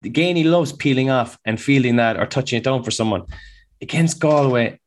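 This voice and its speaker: Man, podcast pundit, rapid, weighing up predictions. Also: mid-range voice. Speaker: former player and pundit. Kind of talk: casual podcast analysis.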